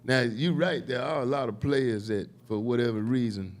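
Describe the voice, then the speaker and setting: A man's voice: medium pitch, moderate pace. An older man hosting a podcast panel, talking in a loose, joking way and swearing freely. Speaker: podcast host. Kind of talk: casual panel chat.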